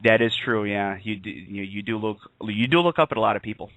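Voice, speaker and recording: A man's voice: on the low side, brisk, fairly bright tone, slight background noise, poor audio. A man co-hosting an online radio talk show, chatting casually and rambling with laughs. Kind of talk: casual chat.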